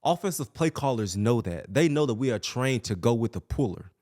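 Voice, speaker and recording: A man hosting a podcast, breaking down football film in a coaching way, explaining step by step with quick self-corrections. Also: mid-range voice, animated, darkish tone. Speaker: podcast host.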